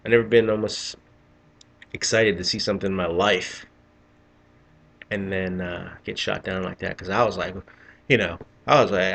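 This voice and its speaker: Low-voiced man, gravelly, rambling and profane, casual vlog storytelling. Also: steady tone, normal speed, long pauses, fairly bright tone. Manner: rambling, profane, restarts often. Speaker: vlogger.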